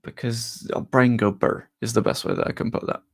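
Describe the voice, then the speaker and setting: A man's voice: medium pitch, fairly even intonation, brisk, gravelly. A man chatting casually on a live stream, rambling a little and answering viewers' messages. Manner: rambling, reads chat aloud and answers it.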